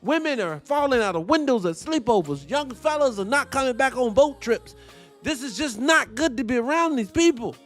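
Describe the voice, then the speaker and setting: A man hosting a morning talk show, ranting in a fired-up, animated, profane way. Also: extremely high pitch, normal speed, faint music behind. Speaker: host. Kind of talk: commentary rant.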